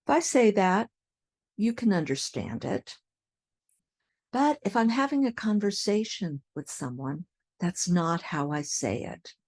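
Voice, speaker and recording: A woman English teacher, speaking slowly and clearly as she models example sentences. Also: mid-range voice, very animated, darkish tone, no room sound, studio quality. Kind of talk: slow, careful teaching.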